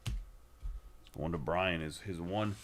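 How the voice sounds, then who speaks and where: Card-break host, man, very low voice, casual rapid name lists, faint hiss and keyboard clicks. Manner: rattles off player names, joking asides. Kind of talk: casual live-stream commentary.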